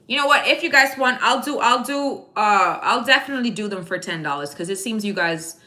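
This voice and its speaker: A woman's voice: a little high, animated, brisk, pushed and bright. A woman giving a casual live tarot reading, chatty and slangy, speaking straight to her viewers by name. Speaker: tarot card reader. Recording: echoey room.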